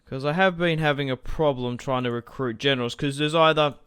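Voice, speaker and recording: Speaking close to a desk microphone, this gaming host has a smooth, clear mid-range voice that's a bit bright. He casually narrates his own strategy game, thinking aloud, filling gaps and drifting into remarks to his viewers.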